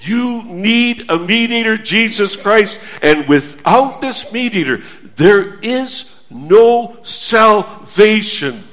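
Man, pastor, sermon, high voice, deliberate emphatic pace. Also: lively intonation, fairly bright tone. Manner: slow, emphatic preaching with scripture quotations.

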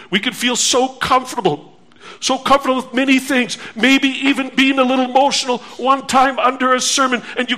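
A man's voice: very high voice, a bit bright. A man preaching a sermon, earnest and pleading, repeating phrases for emphasis.

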